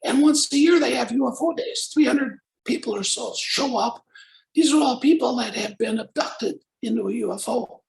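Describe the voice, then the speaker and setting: A man's voice: extremely high pitch, normal speed, gravelly, rough recording. An older man, a former radio personality, telling stories casually and acting out the other voices in them. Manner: lively storyteller acting out voices in his anecdotes. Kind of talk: casual anecdotal storytelling.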